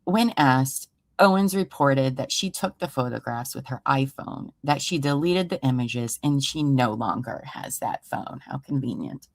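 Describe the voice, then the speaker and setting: A woman with a low, deep voice reads an investigative report aloud to her stream audience. She breaks off into sarcastic, exasperated asides. The sound is close and dry, with no room echo. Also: animated, a little slow, few pauses. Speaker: true crime livestream host. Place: home room.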